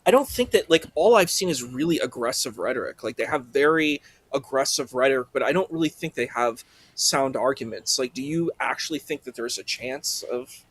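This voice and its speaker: A man's voice: medium pitch, lively intonation, a little fast, a bit bright, slightly rough, no room sound. A man speaking as a guest in a casual panel chat, hesitant, with lots of restarts and fillers.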